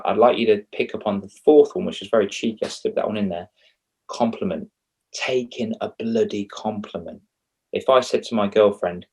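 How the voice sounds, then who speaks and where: A young man, a confidence coach talking casually in an interview and acting out quoted dialogue with big jumps in his voice. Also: on the low side.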